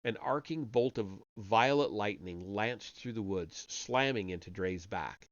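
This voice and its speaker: A man's voice: fairly low pitch, unhurried, no echo. A man reading a story aloud on a live stream, voicing the characters only lightly and sometimes stumbling and correcting himself. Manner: reads character dialogue with only light voicing, occasional slips and restarts. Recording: dull, lo-fi home mic.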